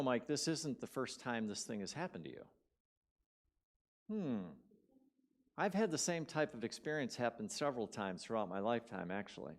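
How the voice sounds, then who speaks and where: A man preaching a sermon in a chatty storytelling way, his voice in a middle range for a man. He leans hard into repeated words and lets his volume jump up, then sink to near quiet. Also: mid-range voice. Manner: animated, swings between loud bursts and quiet drops; conversational, repeats words for emphasis. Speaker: guest speaker. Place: church sanctuary.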